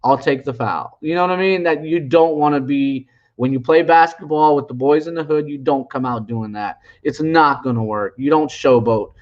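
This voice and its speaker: A man's voice: fairly high pitch, moderate pace, few pauses. A man in his forties rambling through a retelling of an online argument, trash-talking and mocking as he goes. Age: 40s. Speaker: channel host. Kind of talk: casual storytelling monologue. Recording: dull lo-fi audio.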